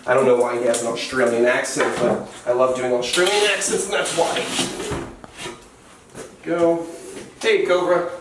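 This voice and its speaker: A man's voice: medium pitch, normal speed, pauses often, noisy background. Playful man in a roomy room. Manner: playful, chatty, talks to the animals. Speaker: wildlife keeper and vlog host. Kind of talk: casual narration while working. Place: indoor animal enclosure room. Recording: roomy, distant mic, music underneath.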